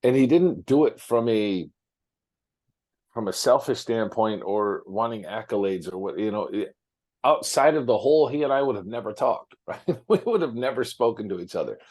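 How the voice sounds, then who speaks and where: A man's voice: on the low side, animated, normal speed, darkish tone. A man talking frankly as an interview guest, with many fillers and restarts, from his office. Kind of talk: casual interview storytelling.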